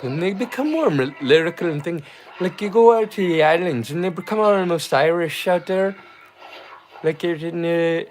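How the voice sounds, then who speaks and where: A man's voice: fairly high pitch, normal speed, rough recording. A man with a Northeast Scottish accent, hosting a livestream in a casual, rambling, joking way. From Scotland. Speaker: livestream host.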